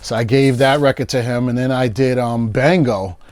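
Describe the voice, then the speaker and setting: In a casual interview, a producer guest with a mid-range voice tells animated stories at a normal speed, acting out his friends' lines.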